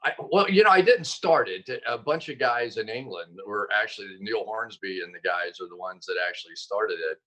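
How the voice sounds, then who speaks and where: Low-voiced man telling an animated football story. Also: moderate pace, hardly any pauses, rough recording. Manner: animated, acts out quotes with sudden jumps in pitch. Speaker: football analyst and guest. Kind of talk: casual storytelling in a sports talk interview.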